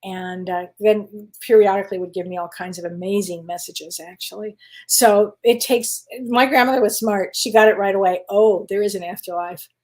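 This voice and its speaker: A woman's voice: medium pitch, fairly even intonation, normal speed, a little mellow. A middle-aged woman hosting a live psychic Q&A, talking in a chatty, reassuring way with fillers, restarts and frequent laughs. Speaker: psychic host answering viewer questions. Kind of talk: live-stream Q&A chat.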